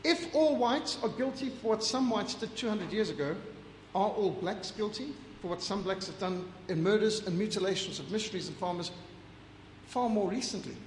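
A man's voice: high voice, a little hiss or hum. A man giving an impassioned lecture over slides, firing off rhetorical questions and emphatic lists. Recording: echoey hall with long reverb.

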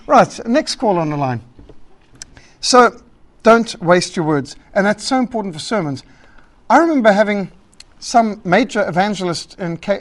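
A man teaching a church group about public speaking, emphatic and lively, listing his points and acting out rambling callers. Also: high-pitched. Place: meeting hall.

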